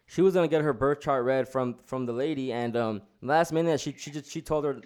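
A man talks quickly at a mid pitch, telling a casual story. He rambles through slang and false starts. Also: darkish tone, clean tone. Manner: rambling, slang-heavy, many restarts.

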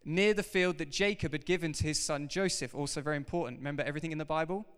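A man preaching a sermon to his congregation, animated and emphatic, talking straight to the people in front of him. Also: a little high, very fast, smooth. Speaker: pastor. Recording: reverberant hall.

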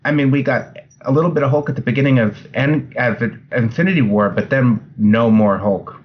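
A man's voice: medium pitch, a little fast, a little hiss or hum. A young man in casual chat as a podcast co-host, steering the talk with matter-of-fact remarks. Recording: dull lo-fi sound.

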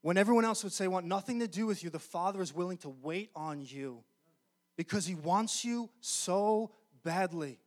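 A male pastor preaching a sermon in an earnest, emphatic way, often slowing down to stress key phrases. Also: high voice.

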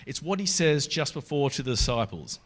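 A man giving a sermon in a relaxed, conversational way, reading scripture aloud along the way. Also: medium pitch, fairly quick. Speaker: preacher.

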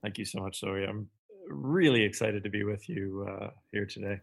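A Canadian man with a Canadian accent, a podcast guest speaking in a measured, thoughtful way with frequent fillers. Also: lowish voice, vocal fry. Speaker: podcast guest, company CEO. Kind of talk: podcast interview.

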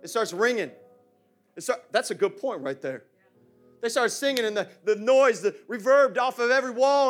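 A man preaching an energetic sermon in a church, using casual slang and calling out to the congregation. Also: extremely high pitch, normal speed, faint music behind.

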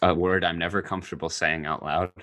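A man talking casually about a movie, enthusiastic and jokey, with quick bursts of excitement. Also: sits low, dry recording, clean studio sound. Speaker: co-host discussing a film. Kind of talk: casual film discussion.

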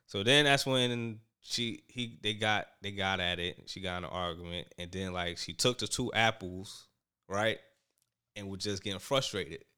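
A man casually recapping events, animated and quoting people as he goes. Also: deep voice, moderate pace, clear, resonant tone. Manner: animated storyteller, quotes people in raised voices. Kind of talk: casual chat recapping a reality show.

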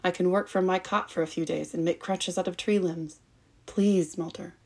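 A stubborn, injured woman scientist stranded in the jungle, as a woman reads her lines. She speaks in a tired but insistent way, her voice low-pitched and gravelly with little rise and fall. The storybook feel is plain and unforced. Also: steady tone, normal speed.

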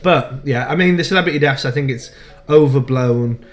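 A man's voice: medium pitch, normal speed, faint music behind. A man co-hosting a podcast in casual chat, rambling and swearing as he talks.

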